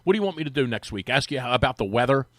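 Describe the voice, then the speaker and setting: A man on sports radio telling a long anecdote in casual chat, acting out the quotes with a rising, lively voice. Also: medium pitch, racing, no room sound. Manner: animated, acts out quotes with rising voice. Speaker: sports radio guest, former team reporter. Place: radio studio.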